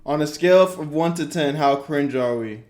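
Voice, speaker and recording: A man hosting a reaction channel, giving casual slangy commentary with loud outbursts. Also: on the high side, normal speed, noisy background.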